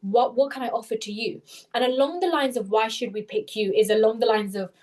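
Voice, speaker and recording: A young woman coaching applicants through a live webinar over a video call. Her voice sits fairly high and she moves quickly, correcting herself as she goes. She sounds eager to explain. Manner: fast, animated, self-correcting explanations. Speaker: interview tutor.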